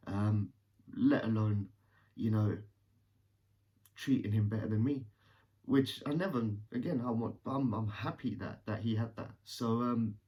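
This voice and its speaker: A man's voice: lowish voice, mellow, distant mic. A man tells a personal story in a candid, rambling way and swears casually.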